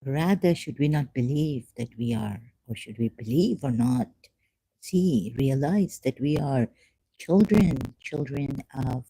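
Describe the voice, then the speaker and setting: A vlogger speaking in a rambling, self-mocking monologue, sarcastic and halting, with many fillers and frequent laughs. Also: mid-range voice, expressive, vocal fry, dark tone, slightly rough, no echo.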